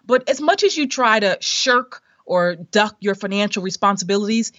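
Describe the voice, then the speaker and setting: This woman is a middle-aged podcast guest who tells her story in an animated way, laughing often and slipping into the voices of the people she quotes. Her voice is mid-pitched and sounds slightly dull and lo-fi. The sound is dry and close, with no room echo. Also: moderate pace. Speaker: guest sharing a money story. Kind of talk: conversational storytelling interview.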